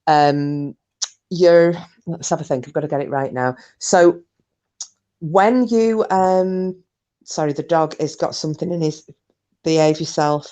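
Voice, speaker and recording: A woman talks at home in a chatty, meandering way, filling gaps with "um" as she explains. Her voice sits on the low side. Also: unhurried, dark tone, muffled recording. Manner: chatty, explains at length with fillers. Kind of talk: casual chat.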